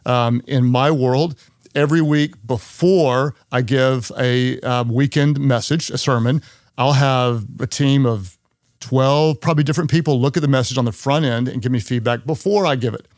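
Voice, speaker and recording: A man's voice: mid-range voice, moderate pace, a little mellow, no echo, clean studio sound. A man who is a pastor, hosting a leadership podcast in an earnest way and repeating key phrases for emphasis.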